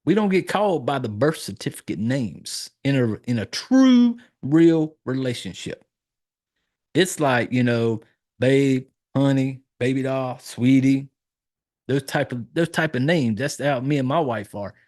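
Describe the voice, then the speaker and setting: A man's voice: mid-range voice, lively intonation, unhurried, darkish tone. Casual, profane man recapping a film. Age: adult, married. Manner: loose, profane storytelling, acting out lines in a raised voice. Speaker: podcast host reviewing a horror film. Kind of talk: casual chat.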